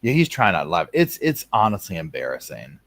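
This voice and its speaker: Speaking briskly in a deep voice with huge pitch swings, a man offers chatty, sarcastic live commentary on a courtroom feed, playing out people's imagined thoughts in asides. The recording is dry.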